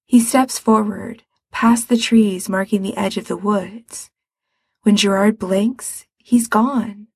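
A woman reading a story aloud in a soft, unhurried narration. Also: medium pitch, husky, no room sound. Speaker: audiobook reader. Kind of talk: storybook narration of fan fiction.

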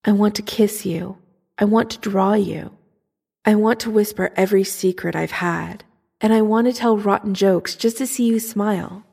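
A woman's voice: mid-range voice, fairly even intonation, moderate pace, vocal fry, darkish tone, husky. A woman voicing a young male soldier writing an earnest, yearning love letter, in a fan fiction audiobook reading. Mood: tender.

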